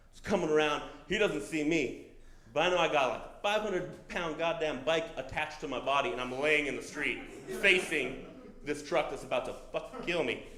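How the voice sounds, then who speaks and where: A man's voice: a little high, fairly bright tone, reverberant. A man telling a true story at a live storytelling show, casual and profane, acting out other people's lines. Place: comedy stage before a live audience.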